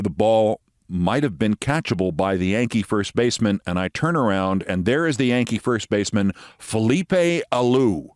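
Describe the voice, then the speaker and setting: Animated man telling a story. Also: medium pitch, dry recording, clean studio sound. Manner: dramatic, emphatic storytelling with sudden loud bursts. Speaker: host telling a personal story. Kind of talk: monologue storytelling.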